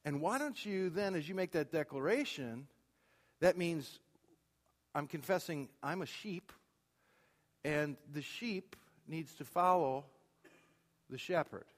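Casting note: middle-aged male pastor, high voice, emphatic preaching, long hall reverb. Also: expressive, slow pace, pauses often. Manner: emphatic preacher, swings between loud declarations and quiet asides. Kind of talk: sermon. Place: church sanctuary.

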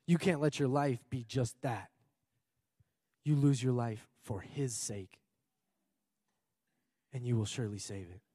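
A man's voice: medium pitch, unhurried, long pauses, mellow, dry recording, clean studio sound. A man from Minnesota preaching an earnest sermon as pastor, repeating phrases for emphasis. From Minnesota, USA. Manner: earnest and emphatic, with frequent repetition and occasional laughter.

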